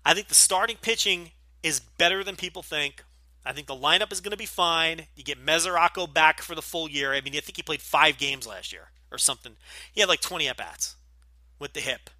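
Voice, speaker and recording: A man's voice: on the high side, fairly quick, sharp tone, no room sound. A middle-aged man with a light New Jersey accent, hosting a casual Q&A podcast, talking bluntly with lots of profanity and fillers. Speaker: podcast host.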